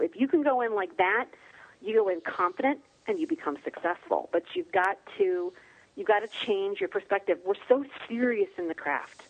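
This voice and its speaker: A woman guest author chatting in an interview, telling stories in a humorous, animated way. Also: medium pitch, rough recording. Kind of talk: casual interview chat.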